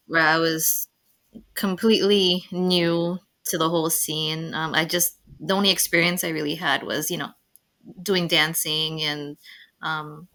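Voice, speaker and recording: A woman's voice: sits low, pushed and bright. A woman, a former cast member, sharing a memory in casual chat, earnest and emotional.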